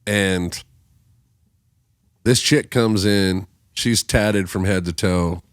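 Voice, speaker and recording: A man's voice: sits low, fairly even intonation, very slow, clear, resonant tone, dry recording, studio quality. A man telling a long story in a casual podcast chat, swearing freely and acting out the voices of the people he quotes. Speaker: podcast guest musician.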